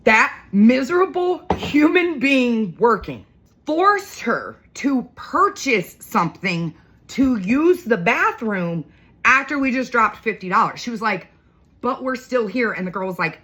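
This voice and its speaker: A woman's voice: fairly high pitch, very animated, a little slow, a bit bright. A middle-aged woman talking casually on her vlog, blunt and profane as she tells a story and rants. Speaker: vlogger. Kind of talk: casual morning vlog rant.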